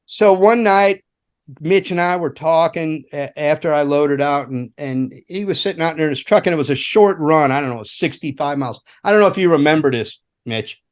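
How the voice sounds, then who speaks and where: A man's voice: a little high, moderate pace. An older man, a former roadie, telling rambling, profane road stories in casual chat, laughing and acting out quotes. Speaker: guest, former rock roadie.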